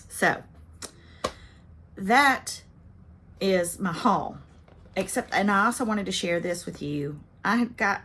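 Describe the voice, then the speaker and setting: A woman in her fifties chatting casually to her viewers from her craft channel. Her voice sits on the low side. She rambles along with frequent little laughs. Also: fairly bright tone, a little hiss or hum. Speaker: cross-stitch channel host.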